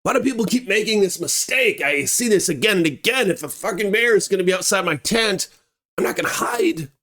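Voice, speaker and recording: Guy telling a story, animated, swears a lot, voice swings up and down. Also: high-pitched, fairly quick. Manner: animated, swearing, acts out scenes. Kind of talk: casual storytelling.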